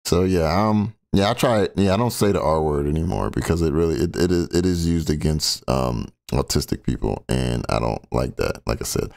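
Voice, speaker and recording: A man's voice: extremely low pitch, animated, fairly quick, vocal fry, hardly any pauses, a little mellow. A man hosting a casual reaction stream, commenting bluntly and crudely on clips with joking asides.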